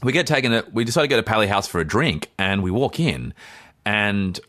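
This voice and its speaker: A man's voice: lowish voice, expressive, a little fast, a bit bright, dry recording, studio quality. A young Australian man, a podcast co-host, telling a rambling anecdote in a casual way, correcting himself and acting out the quoted dialogue.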